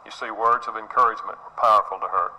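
This middle-aged parenting speaker talks fast in a lowish voice, steady in tone yet sharp. His earnest, sermon-like delivery is full of repeated words and acted-out quotes and little scenes, captured on a low-quality recording.

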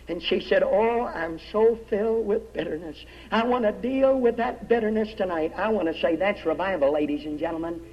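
High-voiced preacher in an echoing hall. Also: male voice. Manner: dramatic storytelling, drops low and soft on key words, quotes old-style scripture. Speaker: evangelist preacher. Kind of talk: revival sermon with storytelling. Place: large church hall. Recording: dull lo-fi recording with long hall reverb.

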